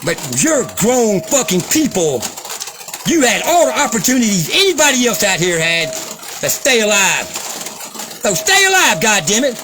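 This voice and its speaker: A man's voice: high voice, sing-song, normal speed, noisy background. A man delivering an angry, profane, sarcastic rant as a vlogger. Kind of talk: angry ranting commentary.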